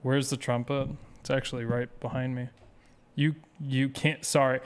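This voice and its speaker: Smooth-voiced man chatting with stream viewers. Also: medium pitch, little pitch movement, moderate pace. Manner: rambling, self-deprecating, reads chat aloud. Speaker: speedrun streamer. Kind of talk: casual live-stream chat with viewers.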